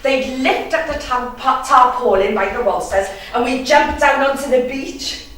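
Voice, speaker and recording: A woman's voice: sits high, moderate pace, a bit bright, a little hiss or hum. A young Welsh woman from the valleys, performing a teasing, bawdy monologue and laughing often. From South Wales valleys. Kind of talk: dramatic monologue. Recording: echoey room, distant mic.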